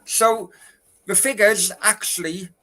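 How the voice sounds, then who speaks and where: A man's voice: high-pitched, steady tone, takes it slowly, pushed and bright, low-quality recording. A man co-hosting a casual football talk show from a hotel room, ranting and swearing about his club's transfers. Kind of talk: casual chat.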